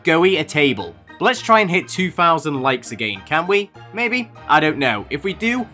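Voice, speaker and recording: A man's voice: a little high, sing-song, moderate pace, bright, forceful tone, soft background music. A man doing comedic reaction commentary, sarcastic and mocking, with lots of rhetorical questions. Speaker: commentary youtuber.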